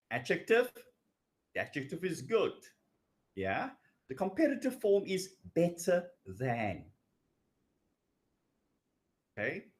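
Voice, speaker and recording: A man with a slightly raised pitch gives a recorded grammar lecture, talking very slowly. He stretches key words out and keeps checking in with "okay" and "yeah". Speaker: English teacher.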